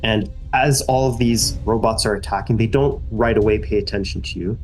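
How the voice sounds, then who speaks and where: A man's voice: fairly low pitch, fairly quick, darkish tone, soft background music. A man narrating a tabletop game as game master, casual and rambling with lots of fillers.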